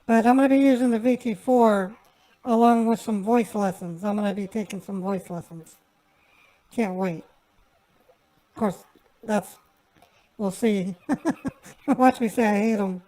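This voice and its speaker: A woman scambaiter chatting on a live stream and then making a prank call, talkative and quick to laugh. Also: medium pitch, steady tone, mellow, rough recording.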